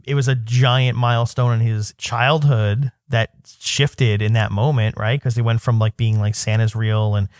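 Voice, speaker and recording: A man in his thirties chats casually as a podcast co-host, winding through a story with lots of fillers and restarts. His voice sits at an ordinary middle pitch, and the recording is close and dry. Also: level tone, normal speed, hardly any pauses, a little mellow, dry recording. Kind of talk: casual chat.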